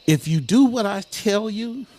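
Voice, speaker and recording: A man's voice: high voice, expressive, unhurried, a little mellow. An older man, a guest in a casual interview, talking bluntly and swearing often. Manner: blunt, swears a lot, street talk.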